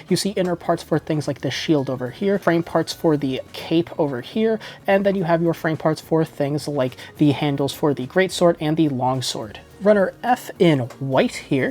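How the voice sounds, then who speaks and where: Man calmly walking through kit parts. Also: fairly high pitch. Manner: steady, methodical listing with frequent self-corrections. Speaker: model kit reviewer. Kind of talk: casual product review narration.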